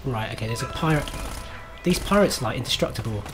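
A man's voice: mid-range voice, animated, fast, over music. A man streaming himself playing a game, chatting to viewers in a self-mocking way, swearing and laughing at his own mistakes. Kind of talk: live gameplay commentary.

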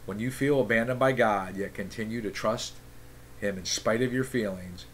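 A man's voice: on the low side, slight background noise. Earnest man reading devotions aloud. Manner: earnest, breaks into fired-up tangents and quick apologies; frequent "okay?" check-ins to listeners. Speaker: devotional reader and lay preacher. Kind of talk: informal devotional reading with commentary.

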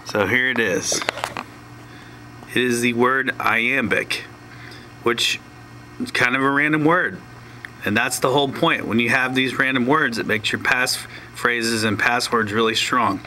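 A man teaching a step-by-step tutorial, explaining slowly and plainly with small joking asides. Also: medium pitch, sharp tone, a little hiss or hum, rough recording.

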